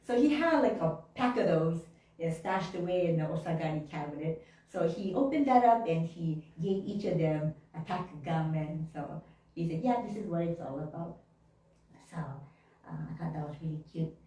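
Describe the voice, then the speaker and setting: Animated storytelling woman in echoey hall. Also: low voice, moderate pace. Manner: animated, laughing often, acts out childhood voices. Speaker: minister. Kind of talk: storytelling sermon. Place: church hall. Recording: very echoey room, mic at a distance.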